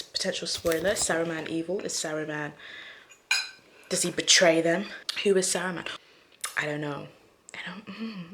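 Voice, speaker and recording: Excitable, chatty woman vlogger. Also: fairly low pitch, normal speed, a little hiss or hum. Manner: excitable and chatty, with gasps and whispered asides. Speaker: book vlogger. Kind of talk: casual reading-reaction vlog.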